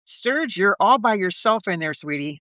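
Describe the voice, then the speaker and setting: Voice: medium pitch, lively intonation, normal speed, bright, forceful tone, no echo. A participant in a live audio chat who talks in a flirty, teasing way and laughs often. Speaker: participant and story reader.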